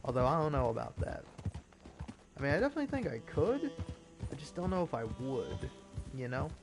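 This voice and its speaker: A man's voice: mid-range voice, big pitch swings, brisk, music in the background. A man giving casual, profane gameplay commentary, ranting in exasperation and laughing at his own jokes. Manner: profane, exasperated rants with mock voices and laughter. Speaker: gaming commentator.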